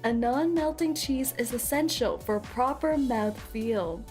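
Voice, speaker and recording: A woman's voice: a little high, measured pace, darkish tone, soft background music. A young woman streaming live, chatting with her viewers in a playful, theatrical, teasing way. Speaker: VTuber streamer.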